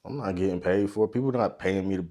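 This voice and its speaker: Easygoing man guest, low voice. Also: fast, mellow. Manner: easygoing, laughs often, slangy. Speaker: guest, videographer. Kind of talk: casual interview chat.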